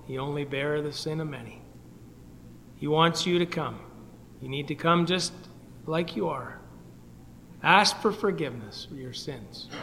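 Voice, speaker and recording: A man from Canada preaching an earnest gospel sermon, pleading with his listeners and swinging between loud and soft. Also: a little high, in a large hall, slight background noise. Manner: earnest, pleading, rises and drops in volume. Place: meeting hall.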